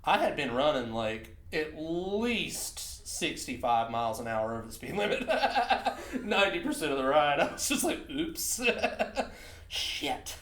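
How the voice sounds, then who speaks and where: A man's voice: fairly high pitch, very animated, unhurried, fairly bright tone, roomy sound. A man co-hosting a podcast, telling a profane road story in casual chat and laughing often. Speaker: podcast co-host.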